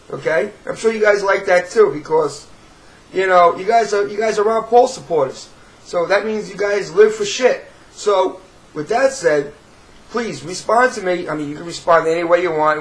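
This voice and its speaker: Man, New York accent, high-pitched voice, sarcastic profane rant, rambling restarts. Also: moderate pace, rough recording. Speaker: video blogger. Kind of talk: ranting to camera.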